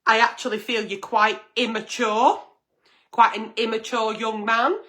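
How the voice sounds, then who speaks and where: A woman's voice: mid-range voice, fairly even intonation, unhurried, sharp tone. Blunt, sweary woman. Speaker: host reading viewer letters. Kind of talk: late-night agony-aunt livestream.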